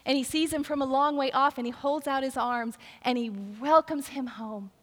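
In a big church sanctuary with long, hall-like reverb, an older woman pastor preaches at normal speed in a high, fairly bright voice. She tells stories conversationally and performs the voices of her characters.

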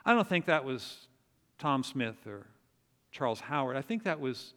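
A man preaching a sermon, telling a story in an animated way and acting out the quotes. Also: mid-range voice, moderate pace. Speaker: pastor. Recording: long reverb of a large hall.

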